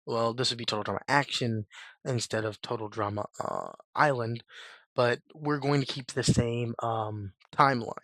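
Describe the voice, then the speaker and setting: A man with a voice worn rough by a cold chats loosely to his viewers as host, wandering between thoughts and brushing details aside. His pitch sits in an ordinary middle range. The sound is dry and close, with no room around it. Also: steady tone, normal speed, fairly bright tone, no room sound. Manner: rambling, filler-heavy, shrugs things off with "blah, blah". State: hoarse from a cold. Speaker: YouTube host. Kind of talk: casual fan-theory chat.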